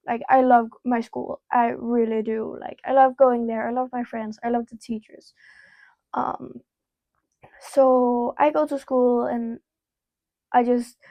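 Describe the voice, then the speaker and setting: Speaking into a small clip-on mic, a teen girl vlogger rambles candidly through a personal story, full of "like" and offhand curses. Her slightly high voice has vocal fry and a touch of mellowness; the audio is rough, with no echo.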